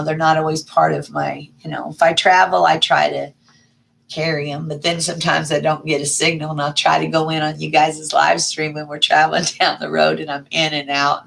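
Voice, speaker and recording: A middle-aged woman, chatting casually on a livestream and greeting viewers by name with folksy warmth. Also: low-pitched, little pitch movement, normal speed, gravelly. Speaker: livestream host. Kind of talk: casual live chat reading viewer comments.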